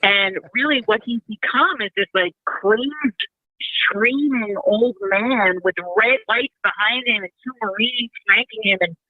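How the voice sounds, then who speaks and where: A woman's voice: on the high side, no echo. Earnest opinionated woman guest, phone-line sound, dry. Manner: earnest, opinionated, with halting restarts. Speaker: radio show guest. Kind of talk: political talk radio chat. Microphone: telephone.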